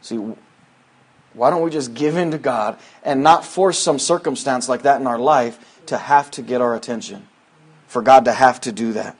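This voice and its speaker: A man preaching a sermon in a folksy, conversational way, quoting scripture and swinging from loud emphatic lines to hushed asides. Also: mid-range voice, normal speed, slightly rough. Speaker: pastor.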